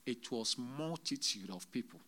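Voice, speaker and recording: A man preaching a sermon to a congregation, swinging between loud exclamations and hushed, whispered retelling, halting often as he speaks. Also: medium pitch, expressive. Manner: halting, with many restarts and drawn-out words. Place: church service.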